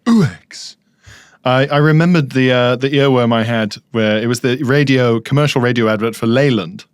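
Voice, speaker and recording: A man's voice: mid-range voice, brisk, clear, resonant tone, no echo. A man co-hosting a podcast, chatting casually with dry, teasing banter. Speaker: podcast co-host. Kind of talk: casual chat.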